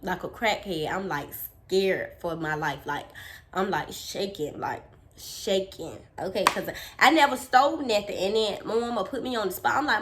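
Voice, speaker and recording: A woman telling a childhood story on her vlog, animated and dramatic, with lots of "like". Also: mid-range voice, normal speed. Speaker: storytime vlogger.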